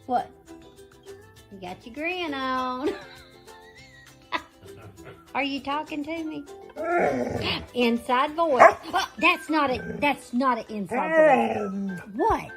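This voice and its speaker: A woman's voice: high voice, lively intonation, drawn-out words, vocal fry, music in the background. A woman talking to her dog in a home video, coaxing and scolding playfully.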